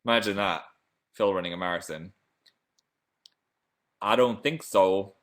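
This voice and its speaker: Hosting a livestream, this man goes through viewer comments in a casual chat, speaking at a measured pace. His talk wanders and is full of jokes, with abrupt excited jumps in pitch and loudness.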